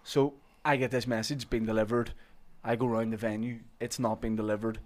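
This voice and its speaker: A man, a comedian telling a story in a casual chat with a deadpan delivery. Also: medium pitch, fairly quick.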